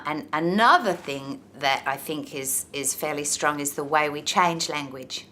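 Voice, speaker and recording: Low-voiced woman explaining. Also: slight background noise. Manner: relaxed, explanatory, with frequent ums. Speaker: interviewer and university presenter. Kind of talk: informative talk and interview questions.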